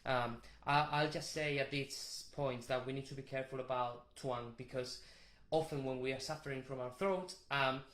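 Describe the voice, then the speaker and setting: A man teaching a vocal warm-up, explaining technique with restarts and short sung demonstrations. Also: medium pitch, steady tone, moderate pace, echoey room. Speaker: vocal coach.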